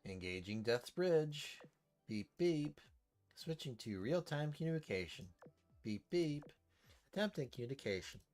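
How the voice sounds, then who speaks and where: A man's voice: medium pitch, sing-song, a little slow, a little mellow, soft background music. A man reading out the clipped, robotic announcements of mechanical female ship girls in a game story. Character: mechanical female ship girl voices in unison.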